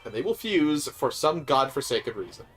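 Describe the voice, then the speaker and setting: A man's voice: medium pitch, very animated, moderate pace, fairly bright tone, slightly rough, faint music behind. Coaching Midwestern man. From American Midwest. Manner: coaching, explanatory. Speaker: co-host guiding the game. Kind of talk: casual gaming chat.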